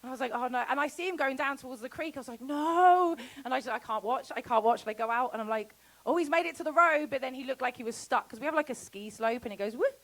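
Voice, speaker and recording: A woman giving a casual festival talk about homesteading, chatty and quick to laugh, acting out quoted conversations. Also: on the high side, low-quality recording. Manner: chatty, laughs often, acts out quoted exchanges. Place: festival talk before an audience.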